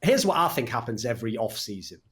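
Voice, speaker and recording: A man hosting a casual esports podcast, animated and swearing freely, often mimicking other people. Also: mid-range voice, fast. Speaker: podcast host.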